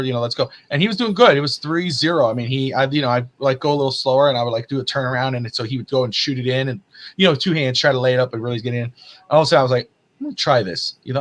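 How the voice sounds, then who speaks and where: A man hosting a casual sports podcast, talking quickly and excitedly. He acts out the people in his stories with big jumps in loudness. His pitch sits in an ordinary middle range. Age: adult father. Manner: animated storyteller, acts out quotes loudly. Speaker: podcast host. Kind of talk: casual chat.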